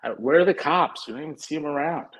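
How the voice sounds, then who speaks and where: Blunt, husky-voiced man. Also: a little high, quick pace, a bit bright, rough recording. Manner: blunt, profane, plainspoken. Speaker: podcast guest. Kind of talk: casual chat.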